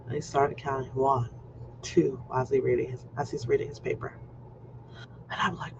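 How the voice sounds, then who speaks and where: A man in his fifties telling a personal story in an animated way, acting out scenes, in a muffled lo-fi recording. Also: mid-range voice, normal speed, vocal fry. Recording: muffled lo-fi recording with faint noise.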